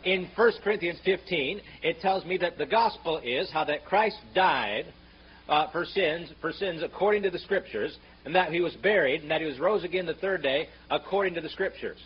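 A man preaching a fiery sermon, sarcastic and mocking, rising to shouts when he quotes scripture. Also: fairly high pitch, moderate pace, breathy edge. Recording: muffled, slightly noisy sermon recording.

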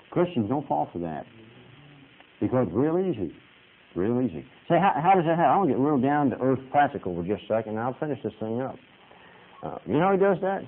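A male Baptist preacher delivers a folksy, storytelling sermon, chatty and plainspoken and full of "amen". His voice sits at a middle pitch. The sound is narrow and tinny, like a sermon heard over a phone line on the radio. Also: big pitch swings, brisk, long pauses. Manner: conversational, storytelling, punctuated with "amen".

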